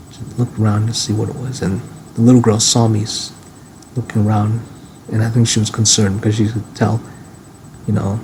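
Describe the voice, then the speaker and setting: A man rambling through a personal monologue in a musing way, often restarting and now and then swearing. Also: lowish voice. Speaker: vlogger. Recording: noisy ambient recording.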